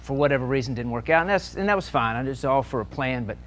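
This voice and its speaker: A man telling lively officiating stories to an audience at a meeting, acting out the shouted lines. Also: medium pitch, fast, slight background noise. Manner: animated anecdotes, shouting out quoted lines. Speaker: sports official and speaker. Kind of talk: storytelling talk to an audience.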